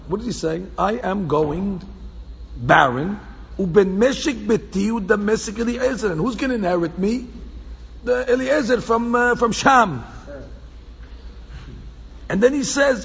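A man teaching a Torah class to a small group in an animated way, repeating phrases for emphasis and mixing in Hebrew quotes. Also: high voice, moderate pace, gravelly, long pauses, slightly rough. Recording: echoey hall, dull lo-fi sound with faint background hum.

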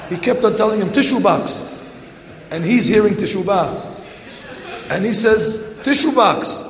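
A man's voice: high voice, a little slow, reverberant, in a large hall, slight background noise, low-quality recording. A man, a rabbi, preaching a sermon and telling stories, acting out the voices of the people in them. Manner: animated storyteller acting out dialogue, gravelly voice. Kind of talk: sermon with storytelling.

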